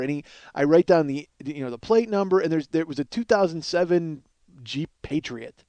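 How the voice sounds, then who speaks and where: A man hosting a comedy podcast, telling a story in an animated, profane, rambling way. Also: a little high, moderate pace, clean tone, no echo. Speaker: podcast host.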